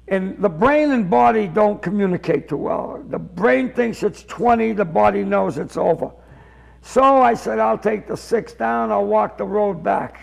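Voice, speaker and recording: A comedian, telling an animated story and acting out the voices in it. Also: male voice, sits high, measured pace, creaky, rough recording. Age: 70s. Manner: animated, acts out voices in his stories. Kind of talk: storytelling anecdote.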